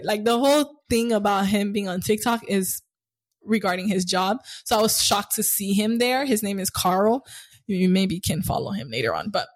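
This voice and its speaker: A woman's voice: mid-range voice, normal speed. A woman in her twenties chatting casually, telling stories and acting out the voices of people in them. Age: 20s. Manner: animated storyteller, acts out quotes. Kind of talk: casual chat.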